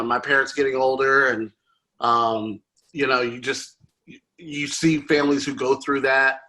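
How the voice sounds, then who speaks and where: A man's voice: mid-range voice, sharp tone. A man hosting a podcast, chatting casually about a movie in a rambling way, with many fillers and restarts. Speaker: podcast host. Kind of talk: casual movie review chat.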